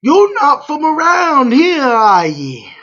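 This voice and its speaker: A man voicing a laid-back store man with a put-on Louisiana accent, drawling slowly. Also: very high voice, wildly swooping pitch, sharp tone, pitched above the performer's own voice, exaggerated voice. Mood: teasing. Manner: slow, drawling. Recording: slightly muffled lo-fi audio.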